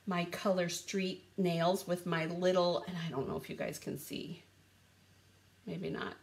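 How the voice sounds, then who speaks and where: A woman hosting a casual live stream, chatting bubbly and greeting viewers by name while showing craft supplies. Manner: lively rising and falling pitch.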